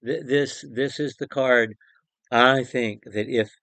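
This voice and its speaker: A man's voice: mid-range voice, fairly even intonation, slow pace, fairly bright tone, dry recording. A man preaching a short devotional Bible talk in an earnest, emphatic way, repeating phrases and restarting sentences.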